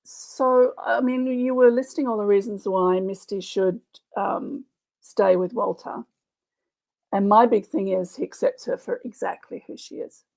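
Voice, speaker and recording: A woman's voice: medium pitch, steady tone, a little slow, gravelly, a little mellow. A woman guest on a podcast, chatting casually with playful asides. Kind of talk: casual chat.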